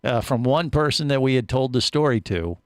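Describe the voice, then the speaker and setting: A man's voice: mid-range voice, a little fast, dry recording. A man hosting a casual radio talk show from a studio, telling a long story with lots of restarts and asides. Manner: animated storyteller, many restarts.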